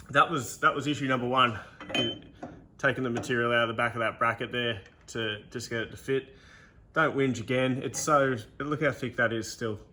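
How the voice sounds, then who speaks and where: Joking Australian bloke in a garage. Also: male voice, mid-range voice, a bit bright. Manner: joking, rambling, swears casually. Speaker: car builder walking through his build. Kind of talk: casual workshop walkthrough.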